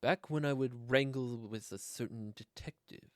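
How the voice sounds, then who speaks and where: A man voicing a sentimental elderly former chief prosecutor, talking lower and slower in a grandfatherly way, with game music behind. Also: no room sound, studio quality, lightly acted. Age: older.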